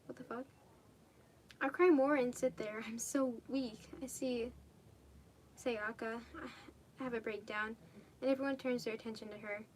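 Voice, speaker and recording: A young woman reads fan fiction aloud in a loose, casual way, tripping over words and fixing them as she goes. Her voice sits a little high. A faint hiss of noise runs behind her. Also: steady tone, moderate pace, long pauses. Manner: casual, stumbling, self-correcting, swears. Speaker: fanfic reader.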